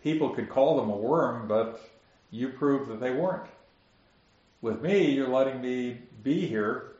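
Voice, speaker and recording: A man's voice: mid-range voice, a little slow, a little mellow. A man teaching a Bible study, reading scripture aloud, explaining it and asking his listeners questions. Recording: very echoey muffled room recording.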